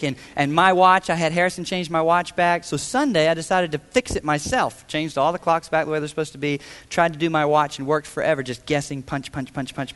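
A man preaching a sermon, telling a self-deprecating personal story with animated, humorous storytelling. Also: on the high side, clear, resonant tone, long reverb tail. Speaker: pastor.

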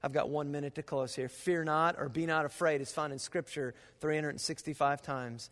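High-voiced pastor in an echoing auditorium. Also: male voice, normal speed. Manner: animated storytelling with sound effects. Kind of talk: sermon. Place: church auditorium. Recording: long reverb of a large auditorium.

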